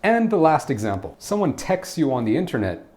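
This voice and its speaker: A man's voice: a little high, sing-song, fairly quick, a little mellow. A man teaching an online English grammar lesson as a pronunciation coach, in a playful and teasing way.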